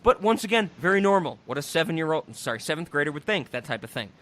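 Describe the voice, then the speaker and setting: A man hosting a podcast in casual, animated chat, swearing freely, laughing and recapping scenes with gusto. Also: a little high, quick pace. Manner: animated, profane, laughing, storytelling. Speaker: podcast host.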